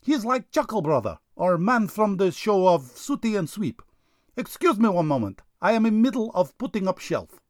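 A man voicing a smug male Russian state-media correspondent, in a put-on Russian accent with broken, deadpan English in a comedy sketch. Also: high-pitched, moderate pace, dry recording, clean studio sound.

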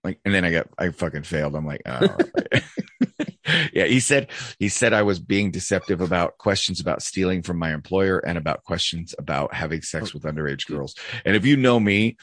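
A man's voice: low voice, a little fast, a bit bright, no room sound, studio quality. A man co-hosting a podcast, telling police stories in blunt, profane casual chat. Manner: blunt, profane storytelling with frequent laughs. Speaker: podcast co-host, police officer.

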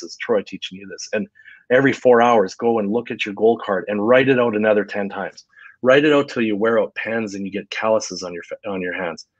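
Energetic male interview guest, lower voice, dull lo-fi remote audio. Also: no room sound. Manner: energetic, motivational, tells stories. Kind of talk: casual interview storytelling.

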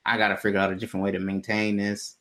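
Talking very fast in a lowish voice, a man recounts a personal story to his co-host. His easygoing, slang-filled style turns animated as he quotes what people said.

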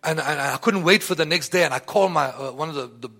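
A man giving a personal testimony in a rambling, halting way, often repeating "you know" and "like that.". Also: fairly high pitch, bright, forceful tone. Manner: halting, many restarts and fillers. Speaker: church member giving testimony.

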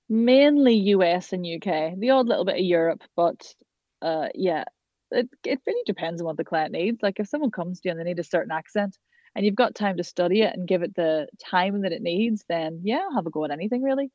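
In a muffled recording with no echo, a voice and accent coach from Ireland talks with chatty enthusiasm and quick asides during a casual interview. Her voice is medium-pitched with a darkish tone.

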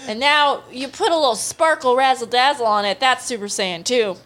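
A young woman with a fairly high-pitched voice hosts a comedy podcast and recaps an anime. She tells it with animated energy, throwing in quick character impressions and swearing.

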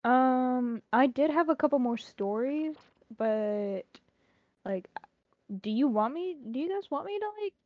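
A woman's voice: high-pitched, animated, measured pace, no echo, narrow, tinny audio. A woman co-hosting a casual podcast chat, teasing and swearing at her friends, then apologizing. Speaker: podcast co-host.

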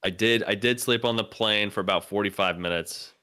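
Bright, crisp-voiced comedian rambling through a story. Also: male voice, on the low side, brisk. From North Carolina, USA. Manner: rambling, profane, lots of filler words. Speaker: comedian and podcast co-host. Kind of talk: casual storytelling.

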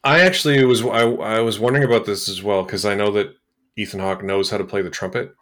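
Man, low voice, podcast co-host, animated, acts out reactions. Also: quick pace. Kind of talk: casual film review chat.

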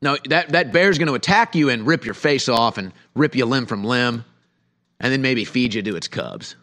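A man's voice: medium pitch, moderate pace, pushed and bright. A middle-aged man hosting a heated political commentary show, sarcastic and full of rhetorical questions.

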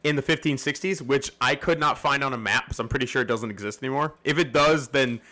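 Man, podcast host, casual history chat, rambling, laughs a lot, bright forceful tone. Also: mid-range voice, quick pace. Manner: rambling, laughs often between points.

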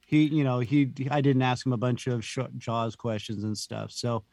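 A man's voice: mid-range voice, normal speed, a little mellow, no room sound. A man talking as a podcast guest in a casual, rambling chat, laughing often and saying "dude".

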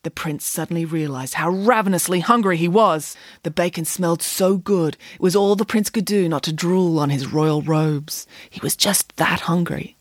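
A woman's voice: on the low side, normal speed, hardly any pauses, no room sound, clean studio sound. A woman narrating a children's story in a playful, dramatic way. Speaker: audiobook narrator. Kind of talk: expressive scripted narration.

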